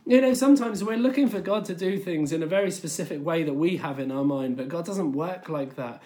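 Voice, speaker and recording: A preacher delivers a sermon in a relaxed, conversational way. The speaker tells stories and makes points in plain, chatty speech, often reaching for filler words. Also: mid-range voice, fairly quick.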